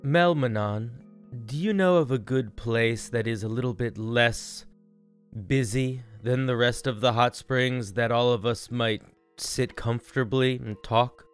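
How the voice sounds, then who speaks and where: A man playing a tabletop game, speaking in a formal, measured way. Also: mid-range voice, clean tone, soft background music. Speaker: player. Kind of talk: tabletop role-play.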